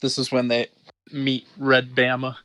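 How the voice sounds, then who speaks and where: A man's voice: mid-range voice, monotone, a little slow, a bit bright. A man co-hosting a casual podcast, chiming in with short agreements and easygoing opinions on a TV show. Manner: laid-back, agreeing with short interjections. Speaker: podcast co-host. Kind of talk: casual chat about a TV show.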